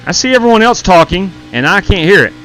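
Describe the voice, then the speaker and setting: A man's voice: high-pitched, sing-song, quick pace, fairly bright tone, a little hiss or hum. A man hosting a sim racing live stream through a gaming headset, chatting casually with viewers while running the race lobby.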